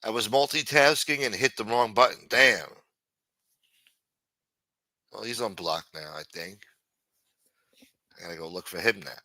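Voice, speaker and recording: Profane livestream host, man, exasperated rant, bright forceful voice, dry close sound. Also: lowish voice, measured pace, long pauses, no echo. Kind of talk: ranting livestream talk.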